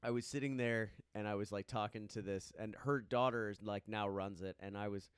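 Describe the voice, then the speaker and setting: Young male guest, smooth and resonant, close dry mic; animated storyteller. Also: on the low side, brisk, no echo. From American Midwest. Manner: animated storyteller, acts out quoted voices. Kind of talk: casual storytelling chat. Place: small studio.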